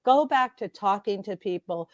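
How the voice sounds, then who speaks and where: Middle-aged woman guest, quick and bubbly, laughs a lot, dry close recording. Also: mid-range voice, animated, no echo. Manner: fast-talking, bubbly, laughs often. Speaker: guest speaker. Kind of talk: lively interview chat.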